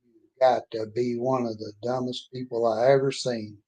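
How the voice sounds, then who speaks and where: A man voicing a gruff, angry male army drill sergeant who barks clipped orders while telling a story. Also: mid-range voice, flat delivery, moderate pace, warm tone, natural voice. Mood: barking.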